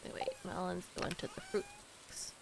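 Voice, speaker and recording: A woman's voice: fairly low pitch, huge pitch swings, brisk, gravelly, very noisy. Young woman streaming a game, chatty and giggly, laughs a lot between lines. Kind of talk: casual chat while gaming.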